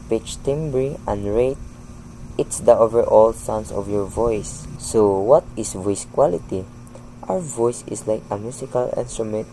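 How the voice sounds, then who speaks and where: Young guy explaining in class, mellow dark voice, a bit of hum in the room. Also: lowish voice, poor audio. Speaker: student presenter.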